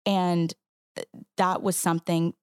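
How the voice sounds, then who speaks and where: A woman stage actress chatting as an interview guest, telling stories in an animated way with quick restarts. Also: fairly low pitch, clean tone, no room sound, studio quality. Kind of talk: casual interview chat.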